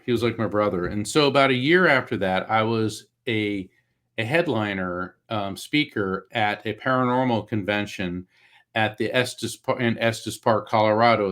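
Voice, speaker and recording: A middle-aged man from Florida, a psychic medium, telling a personal story in an interview with animated, acted-out quotes. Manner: animated storyteller, acts out quoted voices with big pitch jumps. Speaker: guest, psychic medium and author. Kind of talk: storytelling in a talk show interview.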